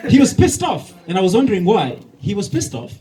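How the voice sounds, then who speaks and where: A man's voice: high voice, brisk, low-quality recording. A man doing a stand-up comedy set and hosting the night, telling stories with acted-out dialogue. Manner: animated storytelling with acted-out dialogue. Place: bar comedy night with laughing audience. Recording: faint noise from a live bar.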